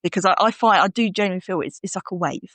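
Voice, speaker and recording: A woman's voice: lowish voice, rapid-fire, a bit bright, no room sound. Chatty woman podcast host, dry close sound. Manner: chatty, acts out her inner voice in little quoted scenes. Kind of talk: casual chat.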